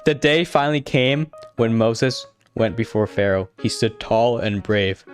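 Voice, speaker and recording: A man's voice: medium pitch, unhurried, few pauses, soft background music. A man reading a story aloud to friends, casual, laughing often and correcting his stumbles. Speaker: streamer.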